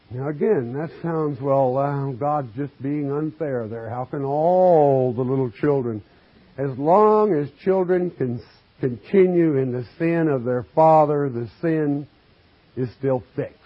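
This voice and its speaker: This Bible exposition comes from a man whose voice sits at medium pitch with a slight roughness. Slow and emphatic, he reads scripture, poses folksy questions to the congregation, and addresses them as friend. It's captured in a dull lo-fi recording.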